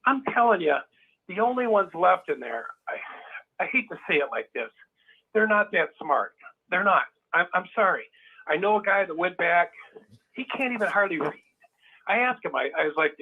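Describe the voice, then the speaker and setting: A man calling in to a talk show with a fairly high voice. He talks with emphasis, circles back to the same points and acts out the people he quotes. The sound is thin and tinny, like a telephone line. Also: animated, normal speed, husky. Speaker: caller. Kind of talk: animated phone-in chat.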